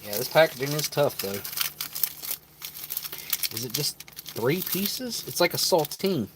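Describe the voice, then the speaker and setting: A man's voice: a little high, big pitch swings, a little slow, background noise. A man hosting a live stream, chatting casually as he opens packaging and tastes food, thinking aloud and sometimes talking with his mouth full. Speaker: channel host reviewing rations.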